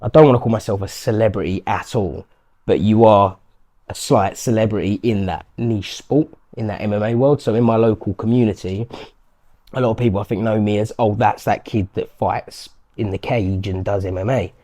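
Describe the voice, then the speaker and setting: A professional fighter with a warm, lowish voice chats casually in an interview at a normal speed. He's talkative and acts out the things strangers say to him.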